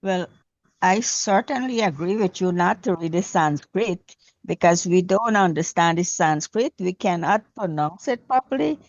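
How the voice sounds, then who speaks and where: A woman's voice: lowish voice, lively intonation, a little slow, no room sound, dull audio. A woman speaking up in a discussion group, plainspoken and questioning. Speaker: class participant.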